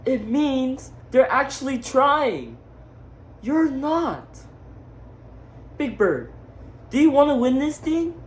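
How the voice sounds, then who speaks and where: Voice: high voice, big pitch swings, slow pace, pauses often, voice pushed up, exaggerated voice. A performer voicing a pushy friend who coaches with bossy encouragement.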